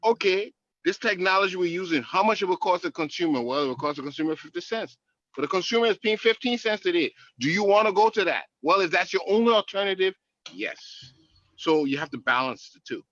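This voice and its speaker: A man's voice: high voice, animated, brisk, fairly bright tone, no room sound, lo-fi sound. A man explaining technical matters patiently, often checking in with "okay?". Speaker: guest expert. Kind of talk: explanatory talk.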